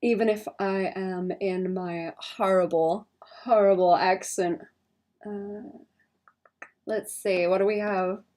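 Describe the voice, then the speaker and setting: A young woman streaming her illustration work, chatting casually and thinking out loud with a self-conscious, rambling manner and some vocal fry. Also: mid-range voice, steady tone, takes it slowly. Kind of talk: casual livestream chat while drawing.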